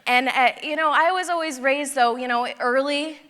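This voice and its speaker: Woman, conference speaker, bright and fairly high voice, lively storyteller who acts out dialogue, long reverb of a large hall. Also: moderate pace. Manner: animated, acts out dialogue in her stories. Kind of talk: personal storytelling talk.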